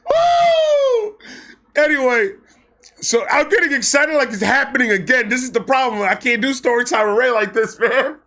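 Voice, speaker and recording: A man telling a personal story in a casual vlog, excitable, animated and full of profanity. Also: very high-pitched, a little fast. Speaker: storyteller host.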